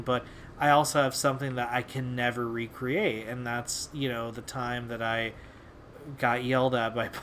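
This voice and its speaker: A young man hosting a video tells a casual story in a rambling, laid-back style, full of fillers and swearing. His medium-pitched voice is a bit bright, with slight background noise.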